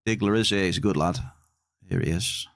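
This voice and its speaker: A man's voice: sits low, fairly quick, no room sound, studio quality. A man giving live game stream commentary, teasing his chat in a playful, bantering way.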